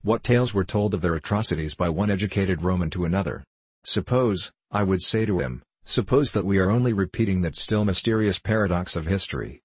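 An audiobook narrator voices a young male anarchist orator, declaiming in a low, very deep, penetrating voice that is husky and dry and close to the mic. He builds his case in impassioned rhetorical periods, expressive and brisk, in a dry recording.

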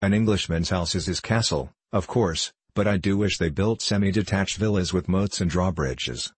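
A man reading the part of a cheerful, clever Edwardian father in a hearty, brisk way. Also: deep voice, breathy edge, no room sound.

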